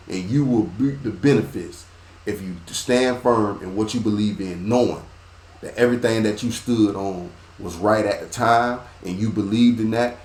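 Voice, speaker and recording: A man hosting a podcast, delivering a preachy sports monologue in repeated rhythmic phrases, dropping low and quiet, then rising loud and high. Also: echoey room. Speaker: podcast host.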